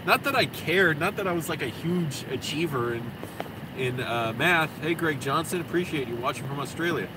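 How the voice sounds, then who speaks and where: A slightly high-voiced man rambles into his phone camera, cursing freely as he vents. A steady air-conditioning hum runs clearly under his voice in the noisy car recording. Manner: profane, rambling, quick to vent. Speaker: vlogger. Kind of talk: rambling casual monologue.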